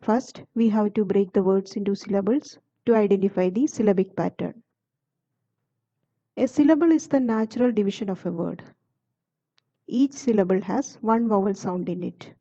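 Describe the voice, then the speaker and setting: A woman narrating a lesson in a steady, measured reading of definitions. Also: medium pitch, lo-fi sound. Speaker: teacher. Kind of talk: scripted explanatory narration.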